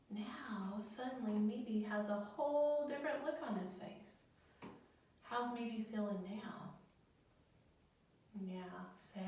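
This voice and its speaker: Slow, gentle woman in a very echoey room. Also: a little high. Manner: slow, gentle, questions the children and leaves pauses for answers. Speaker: elementary school guidance counselor. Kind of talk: video lesson for young children. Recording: very echoey room, voice from a distance, faint noise.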